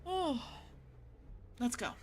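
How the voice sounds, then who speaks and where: A woman's voice: high voice, lively intonation, very slow, slight background noise. A woman streamer casually reading and chatting through a story game, laughing often. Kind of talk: casual let's-play commentary and reading.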